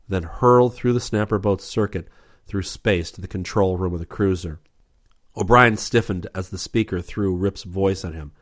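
A man narrating an adventure audiobook in a steady, measured reading. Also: sits low.

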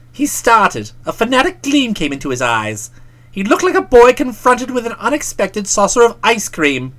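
A woman's voice: fairly high pitch, big pitch swings, moderate pace, fairly bright tone. A woman narrating a first-person comic audiobook in a wry, theatrical, mock-pompous manner.

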